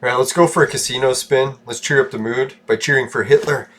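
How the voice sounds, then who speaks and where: A man's voice: medium pitch, fairly even intonation, quick pace, a bit bright, a little hiss or hum. A young man rambling casually as a gaming streamer, with a mumbling voice, self-mocking asides and frequent chuckles. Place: home room with painted walls.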